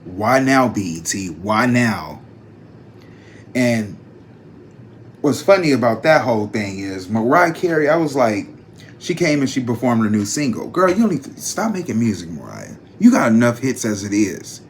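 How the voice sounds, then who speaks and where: A man hosting a casual gossip vlog, chatty and slangy, talking straight to his viewers with animated jumps in pitch. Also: moderate pace, slight background noise. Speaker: psychic channel host.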